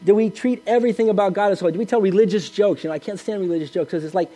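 Earnest preaching man, high and mellow. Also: racing. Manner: earnest, conversational preaching with frequent restarts and rhetorical questions. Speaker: pastor. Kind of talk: sermon.

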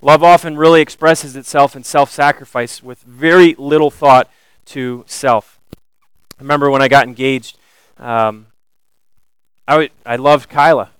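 A man preaching a sermon, animated and building to emphatic questions. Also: mid-range voice, clear, resonant tone, no room sound, poor audio. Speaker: pastor.

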